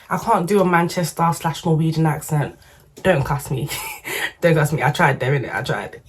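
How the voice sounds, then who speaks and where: A woman, talking football to her camera in a lively, slangy, opinionated way. Her voice sits a little low for a woman, and her delivery is casual and animated. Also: moderate pace, slightly rough. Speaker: football vlogger.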